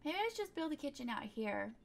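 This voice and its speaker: A woman's voice: high voice, very animated, fast talker, creaky, slight background noise. A woman giving casual, chatty commentary while she plays a building game, thinking aloud and tossing in playful sound words. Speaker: gaming video creator.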